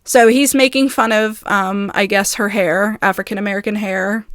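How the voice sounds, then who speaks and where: A woman vlogger in a casual video, reading messages aloud in quick bursts and breaking off in agitated, halting asides. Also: medium pitch, fairly even intonation, fairly bright tone, dry recording, clean studio sound. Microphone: phone.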